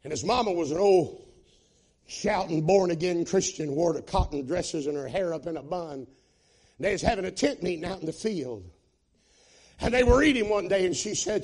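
A man's voice: high-pitched, lively intonation, moderate pace, a little mellow, breathy edge. A man preaching a sermon, telling a story in an impassioned, folksy way.

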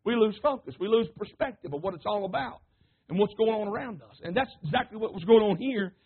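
High-voiced fervent preacher. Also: male voice, lively intonation, quick pace, husky. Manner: fervent, rising to shouts, addressing the congregation. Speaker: pastor. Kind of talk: sermon. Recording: tinny phone-like sermon recording.

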